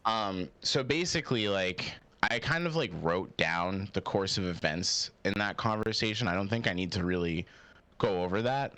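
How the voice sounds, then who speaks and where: A man with a low voice asks questions in a careful, hesitant way, full of "like" and "um". The sound is dry and close, with no room around it. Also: animated, normal speed, pushed and bright, no echo. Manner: hesitant, filler-heavy questioning. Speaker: interviewer. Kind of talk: casual debate-style interview.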